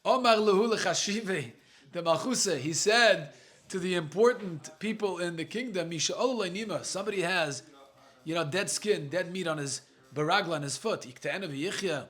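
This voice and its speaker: A rabbi with a notably high voice leads a relaxed Talmud study session for a group. He reads the old text aloud, then unpacks it in friendly, conversational English. He thinks aloud and jokes with his students as he goes. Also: normal speed. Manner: reads Aramaic phrases then explains them in chatty English. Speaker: rabbi teaching a Talmud class. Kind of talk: casual Talmud lesson to a live group.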